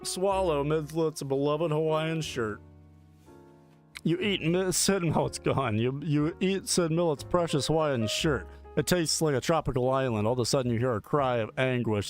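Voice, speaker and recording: A man's voice: medium pitch, moderate pace, soft background music. A male streamer playfully reading a text adventure game aloud, often laughing.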